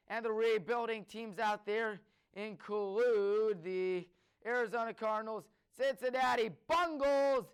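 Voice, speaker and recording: A man's voice: sits high, a bit bright, clean tone. A man hosting a solo sports talk show, eagerly listing names with frequent fillers. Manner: enthusiastic, rattles off lists of names with fillers. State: out of breath.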